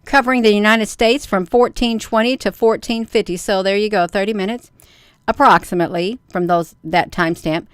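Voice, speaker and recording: A woman chats through a casual livestream, reading news aloud and commenting on it as she goes. Her voice is smooth and resonant at a middling pitch. The sound is close and dry, with no room around it. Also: fairly quick, no room sound. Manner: chatty, keeps addressing viewers as "you all". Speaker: livestream host.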